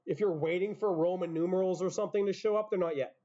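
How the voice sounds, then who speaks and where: A man lectures a class on chemistry, walking through each rule step by step and dropping casual asides. His voice sits a little high but sounds mellow and soft-edged. The recording is muffled and lo-fi, as if captured in a classroom. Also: fast talker. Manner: explains step by step, self-interrupting asides. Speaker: high school chemistry teacher.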